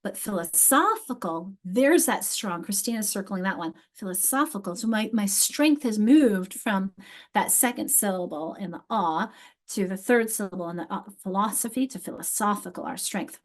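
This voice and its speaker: A woman's voice: mid-range voice, moderate pace, darkish tone. Middle-aged lady teaching teachers online, emphatic and upbeat, repeats stuff for emphasis, video call mic. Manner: enthusiastic, emphatic, repeats key words. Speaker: literacy instructor leading teacher training. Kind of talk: live online workshop teaching.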